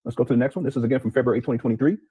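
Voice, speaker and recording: Homme au débit rapide, voix voilée. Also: male voice, mid-range voice, steady tone, mellow, husky, no room sound, rough recording. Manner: reads steadily with frequent uh fillers. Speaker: interviewer. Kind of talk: reading messages aloud.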